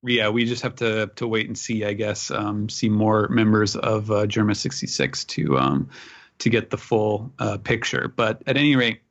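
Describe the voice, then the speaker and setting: A man's voice: lowish voice, moderate pace. A man co-hosting a podcast, casually recapping a chapter in a rambling way full of filler words. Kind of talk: casual chat. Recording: slightly muffled lo-fi audio.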